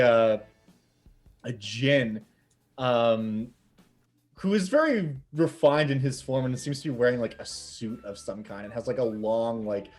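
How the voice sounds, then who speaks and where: A man's voice: mid-range voice, darkish tone. A man narrating as game master in a loose, chatty way, with many fillers.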